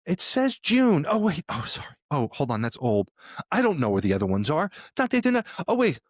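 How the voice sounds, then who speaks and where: A man voicing his flustered elderly mother, who fumbles with her phone in high, scattered bursts. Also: wildly swooping pitch, fairly quick, no echo, clean studio sound.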